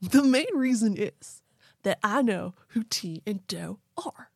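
A woman's voice: mid-range voice, animated, takes it slowly, vocal fry, no room sound, studio quality, full character voice. A woman voicing a laid-back male surfer dude, reading his statement in an easygoing surfer drawl with slang.

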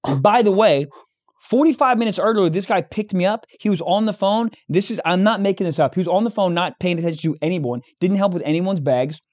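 A young man co-hosting a podcast, telling a story in casual chat, animated and profane, acting out the dialogue. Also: high-pitched, brisk. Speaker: podcast co-host.

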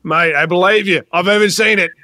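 A man's voice: high-pitched, fairly quick, sharp tone, no room sound, studio quality. A man performing an improv comedy sketch, exasperated and swearing, switching between put-on voices.

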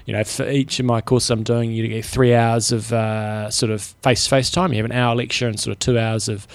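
A man's voice: mid-range voice, flat delivery, brisk, no echo. A man co-hosting a podcast as a coach, giving dry, understated replies. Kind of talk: casual chat.

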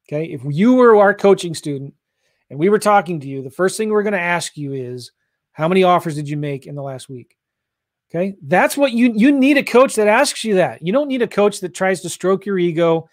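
A man from St. Louis coaching real estate investors on a livestream, pushing hard in an energetic sales style. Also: high voice, no echo, clean studio sound. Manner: pushy, energetic sales talk.

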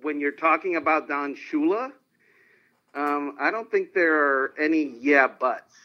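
A sportswriter phoning in to an interview shares anecdotes at a measured pace in a higher-range voice. He's animated and laughs a lot, and the line sounds dull and lo-fi.

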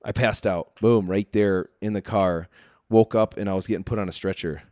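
A low-voiced man spins a wild story in a relaxed chat, chuckling often and sprinkling in "dude" and "like". The sound is close and dry with no room around it. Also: normal speed, no echo, muffled recording. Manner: animated storyteller, laughs often, says "dude" and "like". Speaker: guest telling a story. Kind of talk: casual chat.

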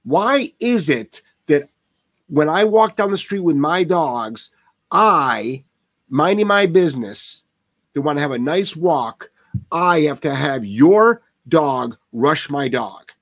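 A man's voice: a little high, animated, slow. A man who trains dogs, answering viewer questions live in a blunt, profane way that heats up into rants. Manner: blunt, swears often, heated rants.

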